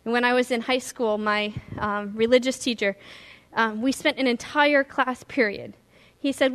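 A woman's voice: a little high, steady tone, moderate pace, few pauses, clean tone. A woman pastor giving an earnest, emphatic sermon with stories.

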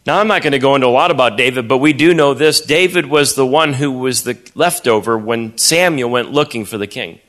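A male preacher delivering a storytelling sermon with a bright, forceful voice. He talks in an animated way, often repeating words as he builds momentum. He slips in and out of character voices. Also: medium pitch, fairly quick, few pauses.

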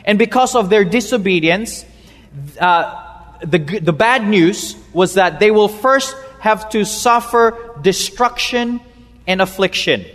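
A high-pitched man delivers a slow, unhurried sermon as pastor of a church. He stumbles into little repeats, then drops his voice low on the words that matter. The sound carries a long echo from the hall. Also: fairly bright tone. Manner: emphatic preaching with halting repeats, slows and drops low for key words.

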